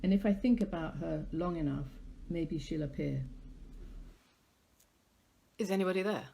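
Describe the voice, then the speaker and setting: A woman's voice: fairly low pitch, normal speed, creaky, warm tone, a little hiss or hum. A British woman hosting a live poetry stream, chatting in a rambling, self-deprecating way and reading her own poems.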